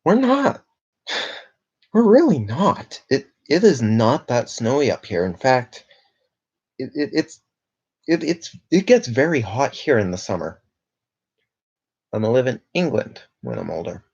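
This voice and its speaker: A man's voice: mid-range voice, big pitch swings, measured pace, creaky, long pauses, darkish tone, breathy edge, dull audio. A young man from Canada chatting casually on a livestream, rambling and reading viewer comments aloud with lots of fillers. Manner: rambling, reads chat aloud, filler-heavy.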